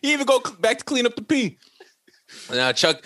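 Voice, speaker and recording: A man's voice: extremely high pitch, normal speed. A man on a podcast casually retelling a movie plot, acting out each character's lines with plenty of swearing. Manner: animated storyteller who acts out the characters' lines, swearing and laughing. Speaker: podcast co-host.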